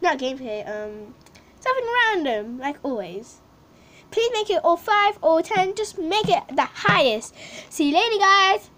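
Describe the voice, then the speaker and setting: A woman's voice: very high-pitched, big pitch swings, a little slow, a bit bright. A young female host giving casual game commentary, pleading and complaining about unfairness. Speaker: channel host.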